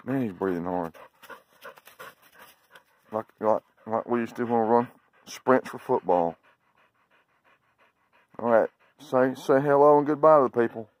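This Southern-accented man, a vlogger, is out in the sunshine playing fetch with his dog, chatting easily in a drawl and urging the dog on with brief coaxing calls. He speaks at a medium pitch, unhurried, pausing often.

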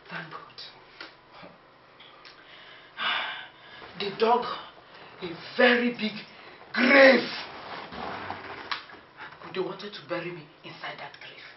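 A woman's voice: fairly low pitch, background noise. Dramatic older Nigerian mother-in-law; distant echoey dull film recording. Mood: fearful. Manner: emotional, swings from hushed to shouting. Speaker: actress. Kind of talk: film acting.

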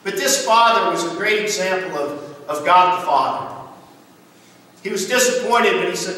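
Male pastor, earnest storytelling sermon, high voice, distant mic in a reverberant hall. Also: animated, moderate pace, pushed and bright. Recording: echoey church hall from far off.

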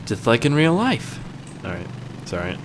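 A man's voice: mid-range voice, huge pitch swings, normal speed, noisy background. A man giving casual gameplay commentary, rambling with crude jokes. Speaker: gaming YouTuber.

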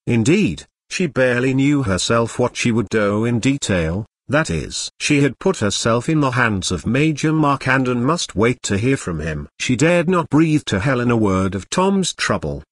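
A synthetic male voice narrating an old novel as an audiobook in an even, unacted reading. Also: mid-range voice, dry recording, clean studio sound. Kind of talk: text-to-speech book narration.

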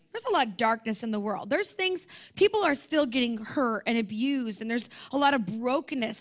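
A young woman preaching at a conference, emphatic and animated, with self-deprecating humor. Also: sits high. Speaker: conference speaker. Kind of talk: sermon.

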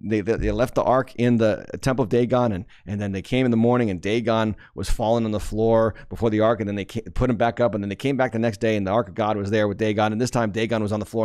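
A man's voice: on the low side, darkish tone. A man preaching a sermon as pastor, reading scripture aloud and explaining it with frequent restarts and rising emphasis.

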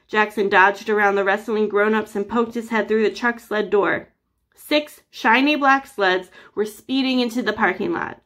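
A woman teacher reading a chapter book aloud to children with lively, expressive storytelling. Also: mid-range voice, normal speed.

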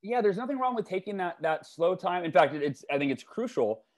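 A man in his forties talks with energy, voice running a little high and jumping up when he acts out what others said. He restarts his sentences often as he tells stories in a relaxed conversation. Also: fairly quick. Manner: energetic, many restarts, acts out quotes with raised pitch. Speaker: author and life coach, guest. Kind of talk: animated storytelling in conversation.

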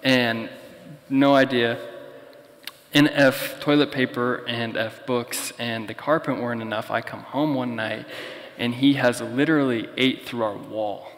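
A man's voice: medium pitch, steady tone, unhurried, fairly bright tone, long reverb tail. A young man preaching a sermon as pastor in a conversational, storytelling way. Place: church.

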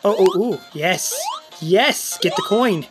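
A woman doing let's-play commentary, exasperated and swearing under her breath, swinging between shrill frustrated yells and low muttering. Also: lively intonation, slow pace. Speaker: gaming channel host. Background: faint game music.

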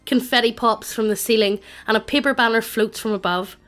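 A text-to-speech woman's voice narrating a tabletop game, with a flat, evenly paced computer reading. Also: a little high, a little fast, soft background music.

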